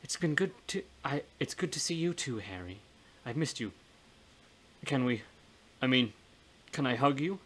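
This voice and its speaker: A man's voice: mid-range voice, animated, a little slow, long pauses, a bit bright. A man as Harry, a brooding, weary man. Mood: moved. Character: brooding blinded man, weary, self-pitying.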